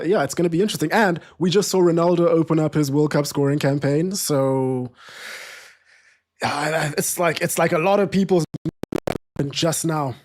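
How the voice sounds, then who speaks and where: With a somewhat high yet darkish voice, a man runs a live football watchalong. His chat is relaxed and self-mocking, peppered with fillers and restarts.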